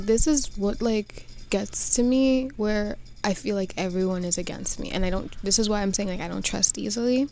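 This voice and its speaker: A woman's voice: medium pitch, gravelly, a little mellow, slight background noise. A woman of twenty venting in a rambling, self-interrupting confessional vlog, tired and drained after crying. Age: 20s. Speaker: vlogger.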